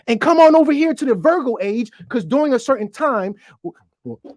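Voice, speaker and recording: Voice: high-pitched, expressive, a little fast, a little mellow, no room sound, studio quality. Stuttering, profane ranting host. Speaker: online show host. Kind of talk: ranting monologue to viewers. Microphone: desk microphone, bumped while talking.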